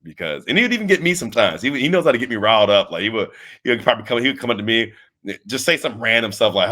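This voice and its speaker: This wrestling trainer, appearing as an interview guest, speaks at a rapid-fire clip in a medium-pitched male voice. The chat is casual, and he tells animated, rambling stories, restarting often and acting out quotes.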